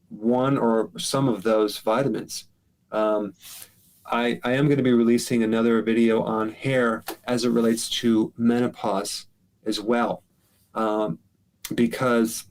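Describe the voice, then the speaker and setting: Middle-aged guy giving health tips on a live q&a, laid back, lots of ums. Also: medium pitch. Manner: relaxed, explanatory, filler-heavy. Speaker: health show host answering callers. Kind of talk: casual live Q&A advice.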